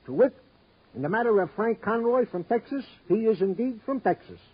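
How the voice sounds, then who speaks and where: A good-natured, long-winded police sergeant. His voice sits high and a bit husky. The sound is the muffled tone of an old radio broadcast. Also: animated, fairly quick. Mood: cheerful. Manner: folksy, wordy, good-natured. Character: chatty wordy police sergeant, good-humored. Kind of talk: 1950s radio drama acting. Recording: dull old radio recording.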